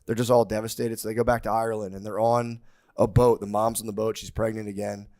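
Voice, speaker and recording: A man's voice: fairly low pitch, level tone, darkish tone. A man co-hosting a comedy podcast, telling stories in casual chat that is loaded with "like" and slang. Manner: fast, slangy storyteller full of "like". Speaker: podcast co-host.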